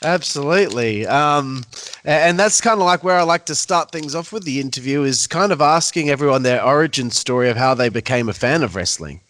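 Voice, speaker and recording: A man's voice: medium pitch, animated, fairly quick, fairly bright tone, dry recording. A man hosting a podcast interview, easygoing, laughing along and adding short replies. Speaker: podcast host. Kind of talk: casual interview.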